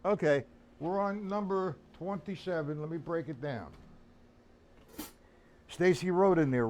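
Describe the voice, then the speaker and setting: A man's voice: fairly high pitch, unhurried, long pauses, over music. A man teaching a casual drum lesson on a live stream, talking bluntly and calling viewers by name.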